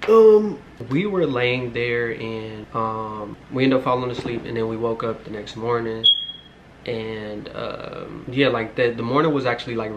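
A man in his twenties rambles through a personal story for his viewers, casually swearing and using lots of filler words. His voice is on the low side. The audio is poor, with slight background noise.

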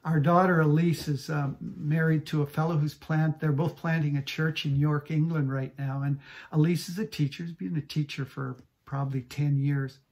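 A middle-aged man preaching a sermon as pastor, telling a personal story with earnest energy and dropping to a soft whisper for his inner thoughts. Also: a little high, level tone, normal speed. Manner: earnest storytelling preacher, shifts pace often.

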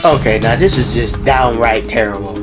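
A man's voice: medium pitch, moderate pace, over loud music. Incredulous man reacting with swearing. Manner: exclaiming, incredulous, swears freely. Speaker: reaction video host. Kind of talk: casual reaction commentary.

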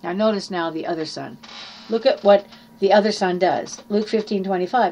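A woman's voice: medium pitch, moderate pace, a little mellow. Earnest woman preaching a sermon. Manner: earnest, teaching, reads scripture aloud with small slips.

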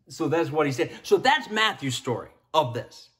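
A man's voice: on the high side, big pitch swings, moderate pace, few pauses, fairly bright tone. A man preaching a casual sermon as pastor, chatty and joking, often restarting his sentences.

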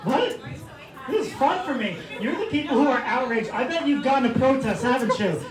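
A male stand-up comedian on a club stage, mocking and combative, shouting insults at hecklers. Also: very high voice, expressive, normal speed. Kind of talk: stand-up set turning into shouting match. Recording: echoey club with crowd noise.

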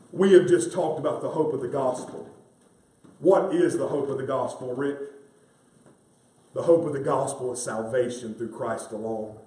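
A man's voice: medium pitch, normal speed, mellow. A man preaching a sermon as pastor, emphatic and repeating key phrases to the congregation he calls friends. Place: church sanctuary. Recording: roomy sound from a distant mic.

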